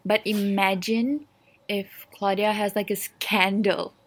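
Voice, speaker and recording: A woman's voice: medium pitch, flat delivery, slow pace, breathy edge. A young woman co-hosting a casual podcast chat, playful and teasing her friend. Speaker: podcast co-host.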